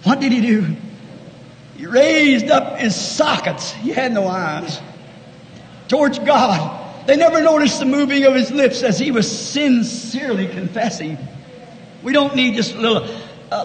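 A man preaching a fervent sermon, swinging from shouted lines to hushed asides in a large church. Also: very high voice, expressive, measured pace, long pauses. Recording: echoey 1960s church hall recording with faint noise.

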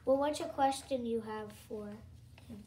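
A woman's voice: fairly high pitch, measured pace, warm tone, a little hiss or hum. A woman playing teacher to her dolls, chatting and reading a children's story aloud in a casual, restarting way. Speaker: pretend teacher in doll play. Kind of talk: playful doll role-play, reading a story aloud.

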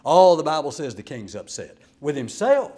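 A man preaching a sermon as an evangelist, telling the story with dramatic swings from loud exclamations to hushed asides. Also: a little high, big pitch swings, normal speed.

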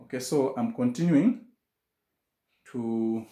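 A man's voice: mid-range voice, takes it slowly, mellow, reverberant, poor audio. A man teaching a maths lesson, explaining step by step, often restarting and repeating key phrases.

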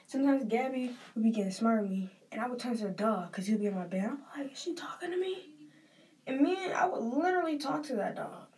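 A young woman vlogger with a Southern US accent rambles casually and emotionally while getting ready, saying "like" a lot. Her fairly high, darkish voice is animated and quick with few pauses, and she's far from the mic.

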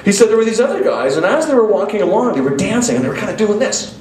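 A man's voice: high-pitched, very animated, very fast, a little mellow, slight background noise. Man telling a story at a drum clinic. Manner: casual anecdotal, stopping to play drum examples. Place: festival stage before an audience. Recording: echoey live hall, mic from far off, drums.

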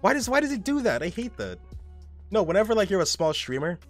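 A man's voice: high voice, big pitch swings, quick pace, soft background music. A young man streaming a game live, rambling casually, reading chat aloud and swearing often.

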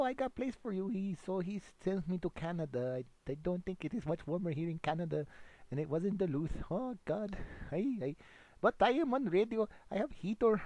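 A man plays a bumbling male radio DJ who talks in broken English with an exaggerated put-on foreign accent. His pitch leaps around wildly as he rambles excitably. The sound is dry and close, as if spoken right into a home computer mic. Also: no room sound. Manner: rambling, excitable, swings between loud bursts and mumbles. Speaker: comic radio host persona. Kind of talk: improvised comedy monologue. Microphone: home computer microphone.

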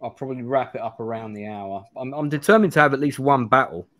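A man's voice: mid-range voice, quick pace, fairly bright tone. A man in his forties hosting a live play-through, reading a gamebook aloud with restarts and asides. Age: 40s.

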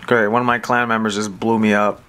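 A young man giving casual gameplay commentary, excitable and self-deprecating, swearing when things go wrong. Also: fairly low pitch, brisk, slight background noise.

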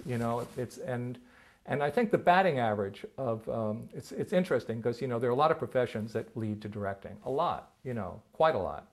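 Male writer-director, mid-pitched voice, casual musing interview. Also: brisk. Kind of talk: documentary interview.

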